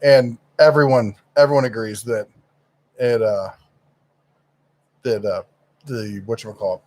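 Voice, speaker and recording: A man's voice: medium pitch, steady tone, a little slow, a little mellow. A middle-aged man co-hosting a casual live stream, who rambles and often gropes for words with fillers.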